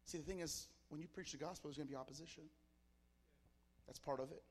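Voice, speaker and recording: A male pastor preaching a sermon with passion, telling a story and rising to shouts. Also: a little high, steady tone, fast, big-room sound.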